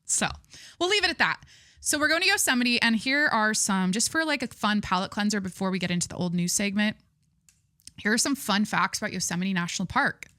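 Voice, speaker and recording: Chatty, gushing woman podcast host, bright voice. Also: mid-range voice, brisk, no room sound, studio quality. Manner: rambling, chatty, frequent fillers and restarts; gushing, candid, swears casually. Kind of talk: casual chat.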